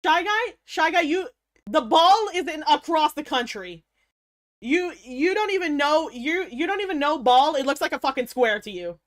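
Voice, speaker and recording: A woman's voice: high-pitched, lively intonation, moderate pace. A young woman livestreamer chatting casually with her viewers, swearing freely, laughing often and playing up mock outrage. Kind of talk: casual stream chat.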